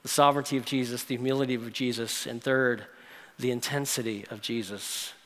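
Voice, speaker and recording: A man preaching a sermon, swinging between loud emphatic lines and hushed quiet ones. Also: medium pitch, steady tone, fairly quick. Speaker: pastor. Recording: echoey hall reverb.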